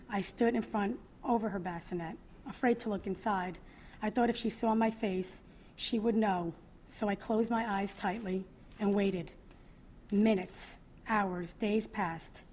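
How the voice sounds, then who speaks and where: A woman in her thirties reads her own testimony aloud as a mother at a public event, speaking earnestly and with feeling, often pausing. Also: medium pitch, darkish tone, a little hiss or hum. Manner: emotional, earnest, with pauses. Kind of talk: reading a personal testimony aloud.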